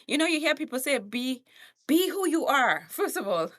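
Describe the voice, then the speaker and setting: A Trinidadian woman, a coach and comedian, talks bluntly with frequent laughter on a podcast. Her voice sits high and sounds bright and forceful. She acts out little quotes as she goes. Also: big pitch swings, normal speed. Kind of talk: animated podcast conversation.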